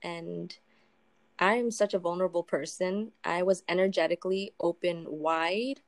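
A woman singer-songwriter talking in a casual interview, soft-spoken and reflective, with many pauses and ums. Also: on the low side, fairly even intonation, dry recording.

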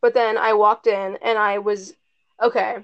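A woman's voice: mid-range voice, level tone, measured pace, clear, resonant tone. A teenage girl casually telling a story to friends, rambling with lots of "like" and some swearing. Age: teens. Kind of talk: casual chat. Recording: dull lo-fi recording.

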